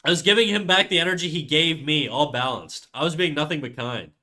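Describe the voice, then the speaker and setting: Young man, cold, rambling casual stream chat, bright tense voice, curses freely. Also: on the high side, fairly quick. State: stuffy with a cold. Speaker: livestreamer.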